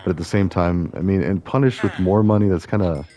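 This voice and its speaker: A man with a low, warm voice hosts a gameplay video, speaking a little fast. He plays a video game and thinks aloud in loose, meandering commentary packed with fillers and restarts.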